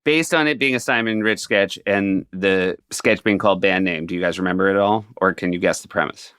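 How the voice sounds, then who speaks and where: A man's voice: deep voice, a little fast, a bit bright, clear, resonant tone, no room sound. A man hosting a podcast, recapping sketches in casual, dry chat. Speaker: podcast host.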